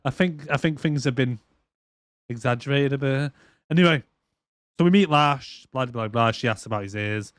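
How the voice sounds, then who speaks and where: A man's voice: mid-range voice, moderate pace, no echo, clean studio sound. A man hosting a casual film podcast, sarcastically retelling scenes and acting them out. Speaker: podcast host. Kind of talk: casual movie review chat.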